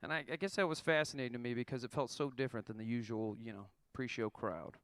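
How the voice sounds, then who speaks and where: A man's voice: mid-range voice, fairly even intonation, quick pace, a bit bright, clean tone, no room sound. A man in his thirties telling a wry, profane story about his band's tour, reading a prepared account to an audience. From Oklahoma.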